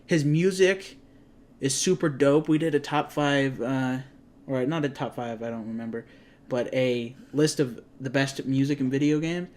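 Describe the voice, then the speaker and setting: A man's voice: mid-range voice, fairly even intonation, moderate pace, darkish tone, slight background noise. A young man co-hosting a casual gaming chat, rambling and often correcting himself mid-sentence. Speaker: co-host. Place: garage.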